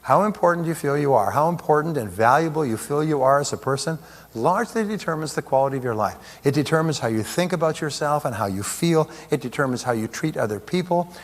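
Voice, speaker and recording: A man's voice: fairly high pitch, lively intonation, fast talker. A man giving a motivational seminar talk in a large hall, joking with and rousing the audience. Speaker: seminar speaker. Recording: echoey hall with long reverb.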